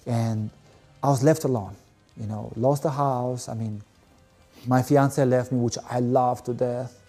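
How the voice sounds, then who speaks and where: A man's voice: mid-range voice, steady tone, a little slow, mellow, faint music behind. A man, telling his story as a guest in an interview, candid and rambling with many fillers. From Albania. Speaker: guest, volleyball player. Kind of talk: emotional personal storytelling.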